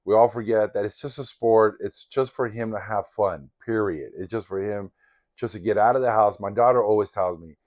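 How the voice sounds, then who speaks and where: Older man, somewhat low voice, rambling and candid, reflective personal story vlog. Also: normal speed, a little mellow, lo-fi sound. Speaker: vlogger in sobriety recovery.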